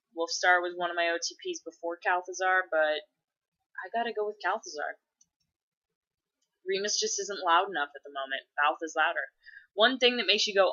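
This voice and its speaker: Woman, 30s, bright and sharp voice, swears often and rambles, lo-fi home webcam audio. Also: on the low side. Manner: profane, rambling, tangent-prone. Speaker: mother answering viewer questions. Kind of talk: casual vlog chat.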